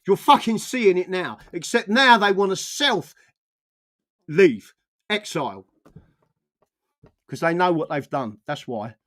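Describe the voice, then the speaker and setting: A man's voice: sits high, lively intonation, slow pace, pauses often, fairly bright tone. A man from England, delivering an angry, profanity-filled political rant full of stammering restarts. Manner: furious, swearing, stammering restarts. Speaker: political commentator.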